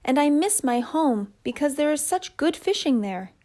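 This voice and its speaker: A woman's voice: high-pitched, lively intonation, moderate pace, dark tone, pitched above the performer's own voice. A woman voicing a young, shy, weepy boy bear cub with a small, plaintive voice.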